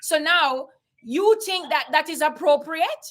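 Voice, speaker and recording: Jamaican woman, live-stream host, emphatic and repetitive, rhetorical questions, slightly high voice. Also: a little slow, a bit bright. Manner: emphatic, repeats herself, asks rhetorical questions. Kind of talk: casual live-stream commentary.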